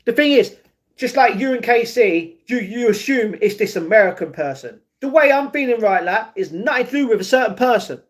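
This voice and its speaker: A man's voice: extremely high pitch, animated, fairly quick. A young man chatting casually on a livestream, reading and answering his chat, often adding "you know what I mean". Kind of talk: casual live-stream chat.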